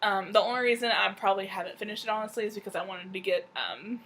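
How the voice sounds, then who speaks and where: A woman's voice: medium pitch, fast talker, fairly bright tone, a little hiss or hum. A woman co-hosting a knitting and books podcast, chatting casually about what she is reading. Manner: chatty, reads a synopsis aloud with stumbles. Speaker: podcast co-host. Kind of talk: casual book chat.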